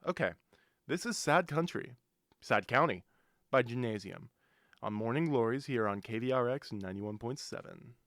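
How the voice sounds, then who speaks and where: A man's voice: mid-range voice, expressive, moderate pace, fairly bright tone, no echo. A young man hosting a college radio show, rambling and interrupting himself with jokes, talking into a studio microphone. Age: young adult. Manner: rambling, self-interrupting, joking. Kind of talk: casual radio chat.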